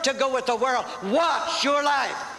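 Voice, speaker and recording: A man's voice: extremely high pitch, measured pace, gravelly, sharp tone. A man preaching a fervent sermon as pastor, calling for responses from the congregation. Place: church sanctuary. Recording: reverberant church hall with faint noise.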